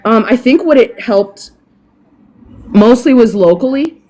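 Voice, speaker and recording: A woman's voice: fairly high pitch, unhurried. A middle-aged woman, a dog groomer guest on a podcast, telling a story casually with lots of laughing and swearing. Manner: animated, profane, laughs often.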